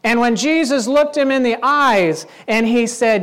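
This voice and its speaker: A man's voice: extremely high pitch, measured pace, a bit bright, smooth. A man preaching a sermon in a conversational, playful way, acting out little scenes as he goes. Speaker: pastor.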